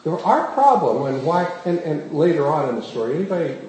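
Animated male pastor in an echoey hall. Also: a little high, a little fast. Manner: questions the congregation, animated storytelling. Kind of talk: sermon. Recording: very echoey room, faint background noise.

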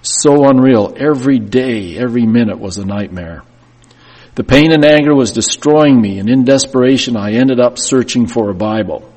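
Husky-voiced preacher in a reverberant hall. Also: male voice, mid-range voice, moderate pace, a little mellow. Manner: emotional first-person storytelling, rising and falling in intensity. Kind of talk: sermon. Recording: long reverb of a church hall.

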